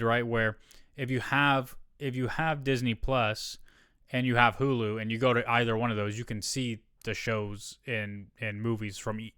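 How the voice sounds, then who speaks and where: A man talks casually on his own podcast in a smooth, clear voice, reading an article aloud and wandering into asides. He often stops to second-guess and correct himself. The recording is close and dry. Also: mid-range voice, fairly bright tone, dry recording. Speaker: solo podcast host. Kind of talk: casual solo podcast talk.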